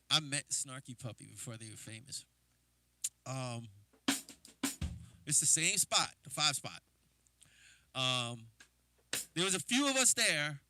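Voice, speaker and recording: A man's voice: a little high, bright, forceful tone, no room sound. A man from New Jersey, a drummer hosting a livestream, telling casual, rambling stories with lots of fillers. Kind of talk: casual storytelling.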